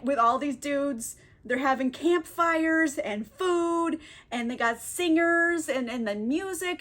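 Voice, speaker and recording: A young woman with a high voice gives a rambling, comedic recap full of slang. She giggles a lot as she goes. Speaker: book youtuber. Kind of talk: comedic casual book recap.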